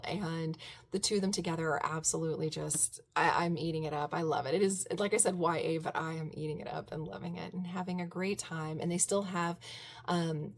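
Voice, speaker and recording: Gushing woman reviewing books. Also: lowish voice. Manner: gushing, excitable, with squeals and laughs. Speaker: book vlogger. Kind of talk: casual book review vlog.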